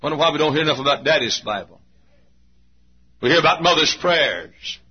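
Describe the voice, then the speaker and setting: A man preaching a sermon in a church, folksy, swinging from low asides to shouts. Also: expressive, fairly quick, breathy edge. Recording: muffled lo-fi recording.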